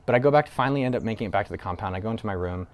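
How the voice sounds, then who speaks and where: A man's voice: on the low side, rapid-fire, clean tone. A man hosting his own channel, telling a personal story to camera in a loose, conversational way with filler words and casual swearing. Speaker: entrepreneur video host.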